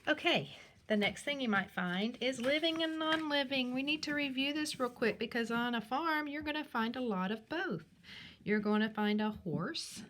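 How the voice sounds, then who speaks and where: A woman teacher speaking slowly and clearly in a sing-song way to young children in a recorded class, with her questions jumping high. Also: a bit bright, slight background noise. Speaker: primary school teacher. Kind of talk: recorded remote class lesson.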